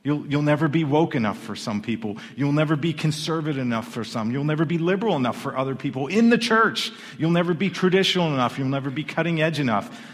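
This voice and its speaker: A man's voice: on the high side, fast talker. Guy preaching in church, talky, restarts a lot, long reverb off the hall. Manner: conversational preaching with repeated restarts. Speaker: pastor. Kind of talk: sermon. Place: church sanctuary.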